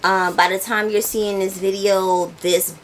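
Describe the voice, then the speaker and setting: A woman's voice: mid-range voice, little pitch movement, unhurried, a little hiss or hum. A young woman chatting casually and animatedly about books she received, laughing now and then. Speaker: book vlogger. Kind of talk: casual chat. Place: home, indoors.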